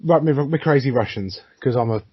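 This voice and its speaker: A man's voice: mid-range voice, brisk, muffled recording, slight background noise. A man co-hosting a casual podcast, telling stories with plenty of swearing and frequent laughter. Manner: swears a lot, laughs often, lively storytelling. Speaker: podcast co-host.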